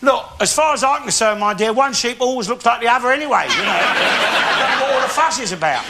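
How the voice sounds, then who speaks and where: Alf Garnett, a blustering old grump. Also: male voice, very high-pitched, expressive, background noise. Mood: grumbling. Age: older. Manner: blustering, grumbling, quick to swear. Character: cantankerous old working-class London bigot. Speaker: comedy character in a live audience show. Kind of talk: stand-up monologue to a studio audience. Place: TV studio before a live audience. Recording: TV studio with loud audience laughter.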